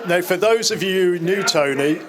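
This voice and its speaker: At a wedding reception, a man in his fifties gives the speech in the bride's father's place, sharing fond, joking stories and restarting himself now and then. His voice sits high and moves at a normal speed over a loud crowd.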